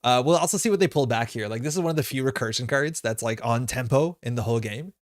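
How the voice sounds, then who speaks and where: A man talks his way through a live card game, weighing each move out loud with loose, casual phrasing. His voice sits at an everyday middle pitch, and the sound is dry and close, with no room echo. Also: fast talker. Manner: thinking aloud, casual, with frequent fillers. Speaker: streamer playing a card game. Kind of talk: live gameplay commentary.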